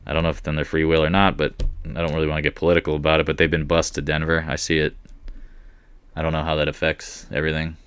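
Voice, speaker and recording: A man hosting a live market commentary stream, chatting with viewers in a rambling way and breaking into excited outbursts when prices move. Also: rumbling low, fast talker, smooth, dry recording. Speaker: market commentary livestream host.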